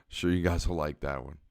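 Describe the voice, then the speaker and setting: Young guy on a watch party stream, low smooth voice, dry close mic, laid back. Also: no echo. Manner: relaxed, analytical, reads and answers chat. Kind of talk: casual live commentary with chat.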